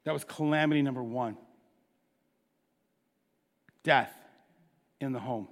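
A man's voice: mid-range voice, slow pace, big-room sound. A man preaching a sermon, retelling a story casually with asides to his listeners. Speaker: pastor.

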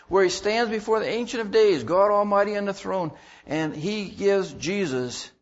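A man's voice: high-pitched, muffled recording. A man preaching a sermon in a conversational way, repeating words as he goes and bursting into emphatic lines. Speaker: pastor.

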